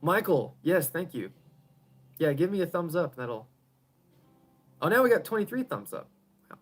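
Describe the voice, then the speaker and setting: An easygoing man chatting through a live stream from his home garage, answering questions one after another. He rambles, laughs a lot, and lets his sentences fade out softly. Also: fairly high pitch, very animated, normal speed, husky, faint music behind. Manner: rambling, chuckles often, trails off quietly. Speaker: pedal builder hosting a live stream. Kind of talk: casual live-stream chat answering viewers.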